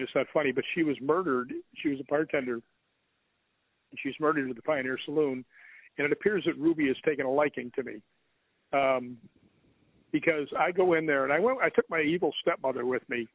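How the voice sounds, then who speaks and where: A man with a fairly high voice tells a ghost story over a tinny, dry phone line. He's a guest ghost hunter in a casual storytelling interview, rambling through an animated retelling with quoted dialogue.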